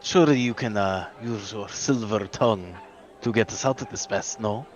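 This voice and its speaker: A man's voice: lowish voice, moderate pace, low-quality recording. A man taking part as a player, hesitant with many ums. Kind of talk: tabletop game play.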